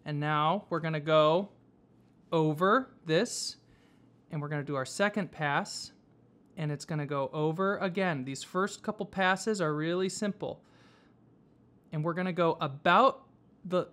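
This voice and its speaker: A man teaching whipmaking, explaining each step patiently with frequent pauses and fillers. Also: on the high side, fairly bright tone. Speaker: whipmaking instructor. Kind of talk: hands-on craft tutorial. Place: workshop.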